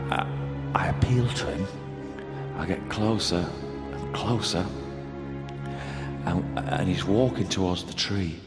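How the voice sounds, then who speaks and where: A man rambling through a comic monologue, stammering and swearing a lot. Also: sits low.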